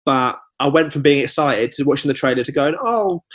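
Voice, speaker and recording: A young man co-hosting a podcast, chatting casually with quick jokes and asides. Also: mid-range voice, steady tone, a bit bright. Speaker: podcast co-host. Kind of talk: casual chat.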